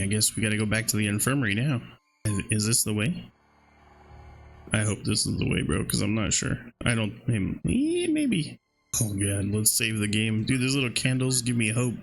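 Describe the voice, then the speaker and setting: A man's voice: lowish voice, fairly quick, vocal fry, soft background music. A man playing a horror game and reading its dialogue aloud, with casual, slangy reactions in between. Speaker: gaming video creator.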